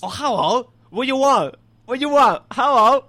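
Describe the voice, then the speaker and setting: A pushy shopkeeper barks short broken phrases in a mock Chinese accent, as a man puts him on. The voice jumps up high and bright, lively and forceful, over a radio studio mic. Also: unhurried, heavily acted. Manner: shouty, clipped broken phrases. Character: loud pushy male shopkeeper in broken English.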